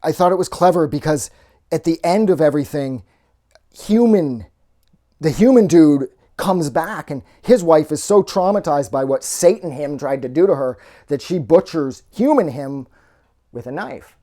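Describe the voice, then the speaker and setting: Male movie reviewer, mellow low tone, loose and profane off-the-cuff delivery. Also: animated, normal speed. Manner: rambling and heavily profane; loose, with many fillers and trailing restarts. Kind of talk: casual spoken movie review.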